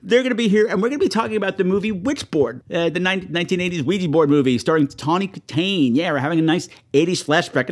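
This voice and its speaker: A man hosting a horror movie show, talking casually and profanely to his viewers and shrieking in mock panic. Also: sits high.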